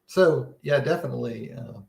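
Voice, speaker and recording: A man's voice: mid-range voice, normal speed, vocal fry, a little mellow. Earnest man teaching in an echoey room. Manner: earnest, wondering, conversational teaching with frequent restarts. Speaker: seminar presenter. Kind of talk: casual live-stream Bible seminar talk.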